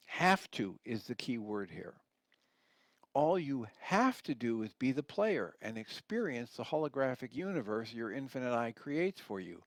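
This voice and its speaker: A man's voice: mid-range voice, big pitch swings, unhurried, no room sound. A man giving a radio teaching talk, reading passages from a book and explaining them in an earnest, reflective way.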